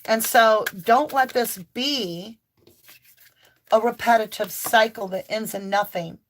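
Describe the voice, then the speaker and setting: Speaking slowly in a voice on the high side, a female tarot reader gives an impassioned spiritual reading that turns preachy, driven by emphatic declarations.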